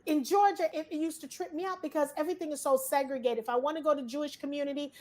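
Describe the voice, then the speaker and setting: High-voiced New woman, lively storyteller. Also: rapid-fire. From Brooklyn, New York. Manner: animated storytelling, acts out dialogue, colloquial. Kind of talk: casual discussion.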